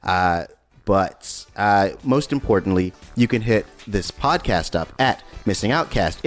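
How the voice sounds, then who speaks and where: A man co-hosting a podcast, upbeat and chatty, signing off the show. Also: lowish voice. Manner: upbeat, chatty, laughs easily. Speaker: podcast co-host. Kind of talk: casual chat.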